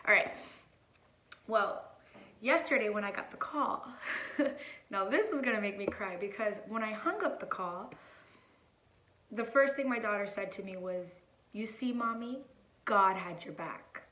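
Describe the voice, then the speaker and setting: A woman's voice: medium pitch, unhurried, long pauses, pushed and bright, reverberant, slight background noise. A woman in her thirties, a mother telling a heartfelt personal story in a casual, rambling way with many fillers and restarts.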